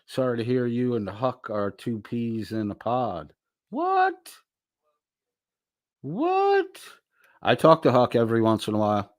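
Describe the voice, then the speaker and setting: A man's voice: mid-range voice, steady tone, dry recording, clean studio sound. A middle-aged man hosting a casual livestream, reading out chat messages and answering them with loose, profane banter. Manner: slow, drawling, profane banter.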